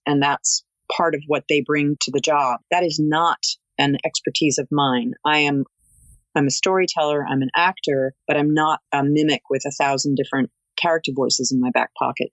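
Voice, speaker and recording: A woman audiobook narrator talking as a guest in an interview, articulate and expressive like a storyteller. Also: deep voice, no room sound, lo-fi sound. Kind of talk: interview conversation.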